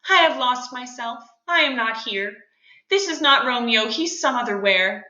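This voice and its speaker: Moping lovesick young man, read by a woman, bright higher voice, melodramatic, roomy echo. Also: animated, moderate pace, muffled recording. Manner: melodramatic, sighing complaints. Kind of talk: reading a play aloud.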